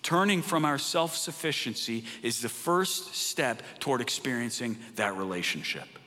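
A man's voice: mid-range voice, animated, normal speed. Impassioned preacher man in a reverberant hall. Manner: impassioned, swings from loud urging to hushed near-whisper. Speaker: pastor. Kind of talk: sermon.

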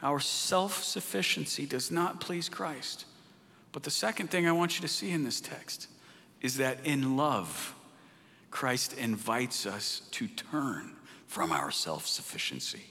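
A man preaching a sermon with passion, rising to loud urging and dropping to a hushed near-whisper. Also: mid-range voice, lively intonation, takes it slowly, vocal fry. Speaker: pastor. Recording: long hall reverb.

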